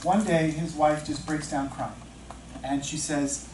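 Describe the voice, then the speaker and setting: A man leading a teacher-mentoring workshop, chatting with the audience, asking questions and slowing down to stress key points. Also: fairly high pitch, fairly even intonation, darkish tone, a little hiss or hum. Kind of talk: interactive workshop talk. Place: training room with audience. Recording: echoey room, distant mic, faint ambience.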